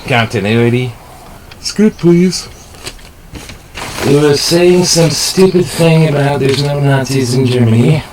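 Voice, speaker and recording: A man's voice: fairly high pitch, takes it slowly, long pauses, crowd noise, pitched above the performer's own voice, low-quality recording. Man playing a bossy film-set crew chief. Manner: clipped, commanding, calls out cues. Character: bossy male film-set crew member calling cues.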